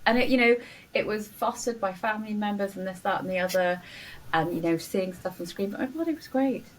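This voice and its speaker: A middle-aged woman, a doctor and coach, appears as a podcast guest in a warm interview, speaking briskly with a mid-range, fairly even voice. She's earnest and encouraging, peppering her speech with "you know." The audio is poor, with faint noise, and she's a little off-mic at a distance.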